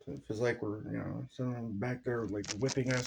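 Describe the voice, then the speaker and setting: A drowsy man, just out of bed, rambles through his thoughts in a halting voice full of fillers. His voice is gravelly with vocal fry at ordinary pitch, and a faint hiss runs underneath. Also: steady tone, darkish tone. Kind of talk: rambling monologue.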